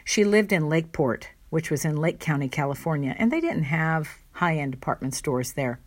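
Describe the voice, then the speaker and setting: Low-voiced woman telling a family story. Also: expressive, moderate pace. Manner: wry and fond, playful asides. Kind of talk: personal anecdote storytelling.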